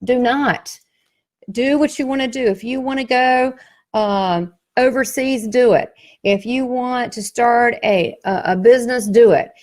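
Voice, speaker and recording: The psychic medium, who has a Southern US accent, promotes her class in an unhurried, slightly high voice. Folksy and emphatic, she hosts workshops and tells animated stories in a motivational pitch.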